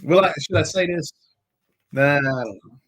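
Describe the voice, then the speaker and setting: A man's voice: on the high side, normal speed, fairly bright tone, poor audio. A man hosting a live podcast, chatting casually in a rambling, jokey way and swearing now and then. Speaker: podcast host. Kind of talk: casual live-stream chat.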